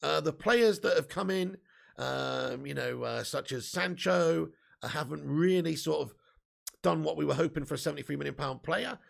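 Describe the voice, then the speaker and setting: A man hosts a live fan stream, talking fast and loose with viewers. His voice sits high for a man and is heavily gravelly and rough. He swears freely and gets riled up easily in his banter. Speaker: football fan channel host. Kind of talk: live-stream chat reading super chats.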